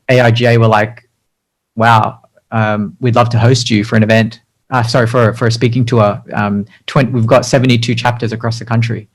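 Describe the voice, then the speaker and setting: A man's voice: mid-range voice, poor audio. A man, a designer, telling his career story as an interview guest in a chatty, self-deprecating way, with lots of ums and restarts. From Australia.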